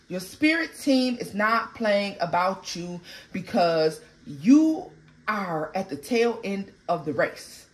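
Woman, tarot reader, casual spoken reading, blunt, profane, animated, mid pitch.

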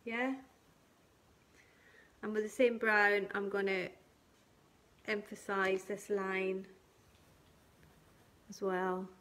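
A woman teaching colouring and shading on a live stream, talking gently step by step and thanking viewers by name. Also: medium pitch, flat delivery, extremely slow, long pauses. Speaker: craft tutor.

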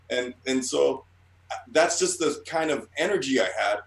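A man's voice: mid-range voice, normal speed, roomy sound, low-quality recording. A man telling stories as a guest in a casual interview, rambling, swearing often and stumbling over restarts. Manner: rambling, profane, stammering restarts. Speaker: guest artist.

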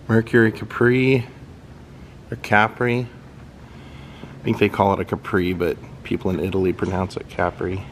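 A man's voice: on the low side, a little mellow, a little hiss or hum. A man giving a casual, admiring walking tour of a car museum, thinking aloud as he goes. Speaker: vlogger touring a car museum.

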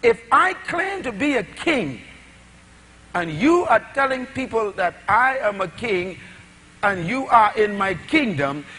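A middle-aged man preaching a sermon, with dramatic swings between shouted lines and hushed asides, full of rhetorical questions. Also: very high-pitched, husky.

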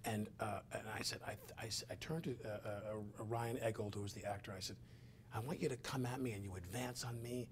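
A man's voice: lowish voice, fairly even intonation, a little fast, a little hiss or hum. A middle-aged male host in conversation, telling stories in a rambling way with many fillers and acting out scenes.

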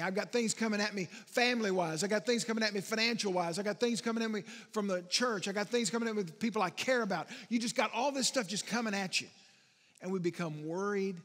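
A middle-aged pastor from Texas preaching a conversational sermon, asking the congregation questions and drawing out key words slowly. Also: male voice, sits high, fairly bright tone. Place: church sanctuary. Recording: long church reverb.

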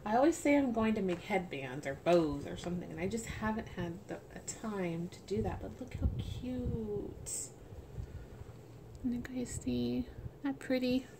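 A woman chatting casually as she unboxes a package, gushing and soft-spoken, at home. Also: mid-range voice, moderate pace, few pauses. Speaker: doll collector vlogger. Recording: steady background hiss.

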